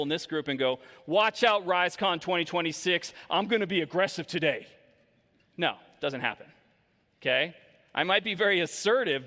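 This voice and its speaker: Energetic man on a conference stage. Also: high voice. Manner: energetic, interactive, quizzes the audience. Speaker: keynote speaker. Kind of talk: conference keynote talk. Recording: long hall reverb.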